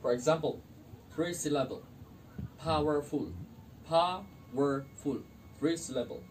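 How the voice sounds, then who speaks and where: A young student teacher from Indonesia talks through an English grammar lesson at a very slow pace. Each example word comes twice, and the phrasing is non-native. The mic sits some way off, with faint noise behind. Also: medium pitch, darkish tone, recorded from a distance, rough recording. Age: young adult.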